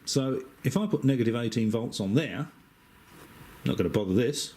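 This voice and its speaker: A middle-aged man with an Australian accent, an amateur radio operator, talking through a wiring diagram in a relaxed, chatty way, with frequent hesitations and dry asides. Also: mid-range voice, moderate pace. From Western Australia. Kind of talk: casual technical explanation.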